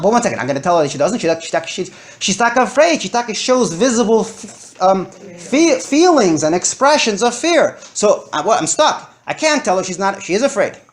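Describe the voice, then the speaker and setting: A man lecturing to a live audience, animated and acting out his stories with big swings in his voice. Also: very high-pitched.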